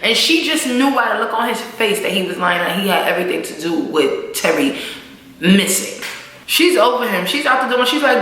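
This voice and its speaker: A woman's voice: medium pitch, animated, normal speed, fairly bright tone, heavy reverb, low-quality recording. A woman vlogger recapping a TV episode in a casual, slangy, profane way, acting out the scenes as she goes.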